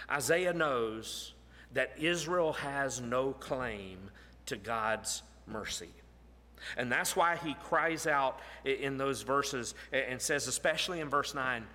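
Earnest preacher man in a reverberant hall. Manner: earnest, drops low and soft for emphasis, slow deliberate phrasing. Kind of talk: sermon.

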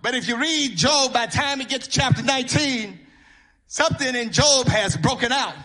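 A man preaching a sermon, half-chanting his lines, repeating words for emphasis and building up to shouts. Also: very high-pitched, normal speed. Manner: intoning and chanting, rising to shouts.

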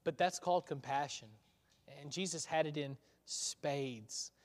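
A man's voice: on the high side, unhurried. A male preacher giving a sermon in a conversational storytelling way, asking the listeners rhetorical questions. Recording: long hall reverb.

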